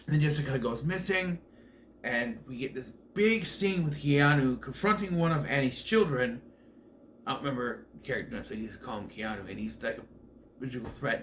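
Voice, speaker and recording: This man reviews films in a loose, meandering way, leaning on filler words and frequently correcting himself. He speaks with a mid-range, fairly bright voice over slight background noise.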